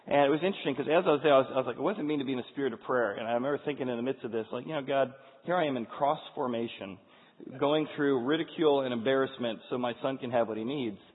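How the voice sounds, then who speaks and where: A husky-voiced man in his forties tells an earnest personal story to an audience, often restarting his sentences. The sound is thin and phone-like. It rings with the long reverb of a big hall. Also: medium pitch, racing. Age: 40s. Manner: earnest and candid, with frequent restarts. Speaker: speaker addressing an audience. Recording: tinny, echoey hall sound.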